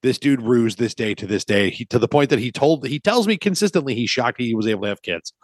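A man in his thirties, a podcast co-host, chatting casually and telling animated, profane stories. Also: mid-range voice, fast, dry recording.

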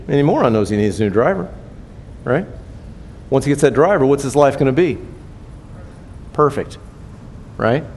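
A man's voice: mid-range voice, a little mellow, slight background noise. An older man preaching a sermon in a conversational way, often asking the congregation questions and tagging his points with "right?". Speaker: pastor. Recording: long hall reverb.

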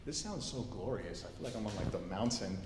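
A man preaching a casual sermon, telling stories with lively quoted voices. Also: on the low side, fairly quick, a little hiss or hum. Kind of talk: sermon with storytelling. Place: church hall. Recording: echoey hall, heard from a distance.

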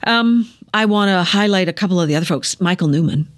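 A middle-aged woman, a former news director, telling lively stories in an interview and acting out the dialogue. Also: lowish voice, fast talker. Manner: lively storyteller who acts out quoted dialogue; emphatic, repeats phrases for effect. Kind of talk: conversational interview storytelling.

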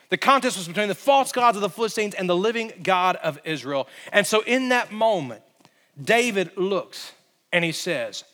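Male pastor, high-pitched voice, dramatic sermon storytelling with emphatic peaks, in a reverberant sanctuary. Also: big pitch swings, fairly quick, fairly bright tone. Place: church sanctuary.

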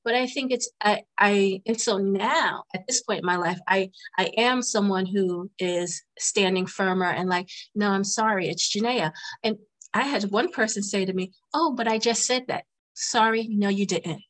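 A woman who is an attorney, speaking as a podcast guest in an expressive, emphatic way and laughing as she talks. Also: mid-range voice, normal speed. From United States. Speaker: attorney and business owner, guest. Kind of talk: casual interview chat.

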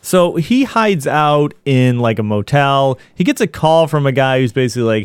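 A man's voice: mid-range voice, lively intonation, moderate pace, few pauses, smooth, no room sound, studio quality. A man casually recapping a film in a podcast chat, rambling with lots of fillers.

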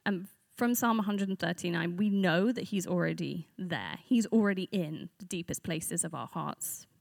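Creaky-voiced woman giving a relaxed sermon. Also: on the low side, no echo, clean studio sound. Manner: earnest, reflective, unscripted. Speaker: church speaker. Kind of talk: conversational sermon.

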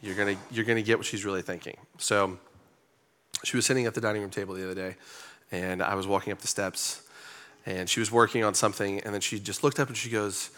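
A church elder and pastor with a lowish voice preaches quickly from a church stage. His sermon is relaxed, joking and conversational, packed with filler words.

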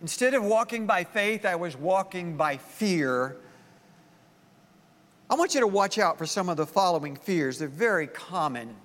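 A man preaching a sermon as pastor, telling the story with lively acted-out voices. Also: high-pitched, unhurried, long reverb tail. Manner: animated storytelling, acting out voices of the story's people.

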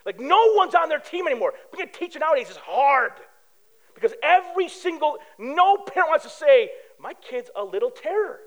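A man from preaching a sermon as pastor, animated and telling stories with acted-out quotes. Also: very high voice, brisk, rough recording.

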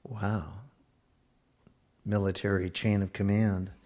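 A middle-aged man preaching a sermon, slowing down for emphasis and dropping to a near hush at times. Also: on the low side. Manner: expressive preaching, slows for emphasis and drops to a hush. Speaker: pastor.

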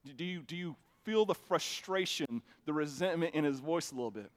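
A man's voice: on the high side, expressive, brisk. A male pastor giving a sermon in a conversational preaching style that builds to emphatic bursts, speaking into a microphone in a church. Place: church sanctuary with a sound system.

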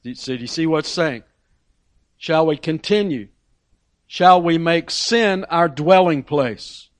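Slow, deliberate male preacher, dry sound. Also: fairly high pitch, no echo. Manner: repeats phrases and asks rhetorical questions. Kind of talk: sermon.

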